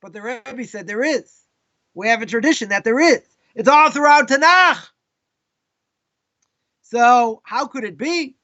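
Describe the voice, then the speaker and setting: A man's voice: extremely high pitch, a little slow, pauses often, pushed and bright, highs cut off. A man with a Boston accent, a rabbi giving a live Torah class, telling stories and acting out people's questions in quoted voices. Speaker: rabbi teaching.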